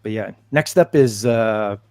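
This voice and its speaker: A man's voice: lowish voice, a little slow, a little mellow, dry recording. A man with a Canadian accent who operates heavy equipment, chatting casually and telling stories with chuckles. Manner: chuckling, storytelling. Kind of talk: casual voice chat.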